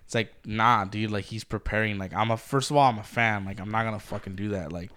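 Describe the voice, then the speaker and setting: A man's voice: fairly low pitch, fairly even intonation, quick pace, a bit bright, clear, resonant tone. A man co-hosting a podcast in casual chat, blunt and swearing constantly, with lots of "like". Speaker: podcast co-host.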